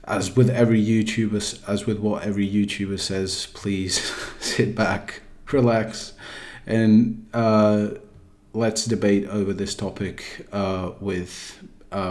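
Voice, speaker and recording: A man's voice: lowish voice, steady tone, measured pace, a little mellow. A gaming YouTuber, a man using a put-on British accent, talks casually over gameplay footage in a rambling, hesitant way with frequent restarts.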